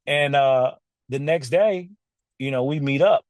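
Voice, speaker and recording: A man's voice: mid-range voice, unhurried, vocal fry, a little mellow, no room sound. A man hosting a podcast, telling a story casually and animatedly, laughing often and talking straight to his listeners from a studio. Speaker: podcast host.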